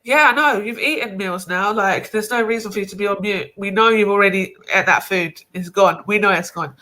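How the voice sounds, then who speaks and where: Bright-voiced chatty woman. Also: medium pitch, fairly quick. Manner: chatty, animated, laughs easily. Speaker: live stream host. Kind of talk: casual chat.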